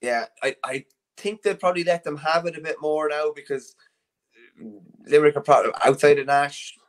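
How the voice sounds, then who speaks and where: A man's voice: on the high side, normal speed. An Irish man co-hosting a podcast, chatting loosely about a match with plenty of restarts. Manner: rambling, with many restarts and fillers. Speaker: co-host. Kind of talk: casual sports analysis chat.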